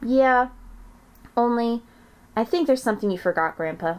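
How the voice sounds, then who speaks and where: A woman voicing an excitable, bossy little girl in a storybook, with eager, chattering questions. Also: on the high side, normal speed, voice pushed up, close to an everyday voice. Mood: excited.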